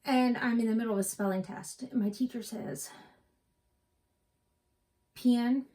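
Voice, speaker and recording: A woman's voice: on the high side, steady tone, fairly quick, warm tone. A middle-aged woman from West Virginia co-hosting a cross-stitch vlog, chatting and telling rambling stories. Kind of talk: casual chat.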